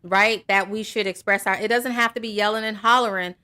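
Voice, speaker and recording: Bright-voiced woman host. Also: medium pitch, steady tone, brisk, clear, resonant tone. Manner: earnest, encouraging, repeats "right?". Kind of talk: casual talk show conversation.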